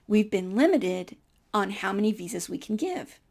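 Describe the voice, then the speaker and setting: A woman voicing a brusque Soviet consulate clerk who speaks in blunt, broken English, with a gravelly edge. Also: medium pitch, animated, moderate pace, a little mellow.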